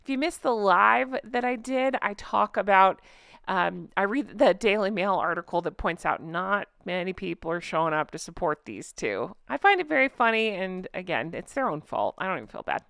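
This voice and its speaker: Woman host, chatty and sarcastic, clear smooth voice, dry close sound. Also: medium pitch, animated, normal speed, fairly bright tone, no echo. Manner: chatty and sarcastic, laughs often. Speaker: channel host reacting to online comments. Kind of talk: casual chat, reading and reacting to comments.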